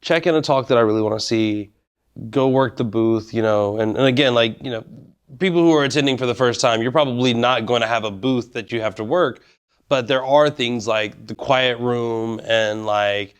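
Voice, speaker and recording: Smooth-voiced man chatting casually. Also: mid-range voice, normal speed. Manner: relaxed, filler-heavy, rambling talk. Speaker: interviewer. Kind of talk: casual conversation.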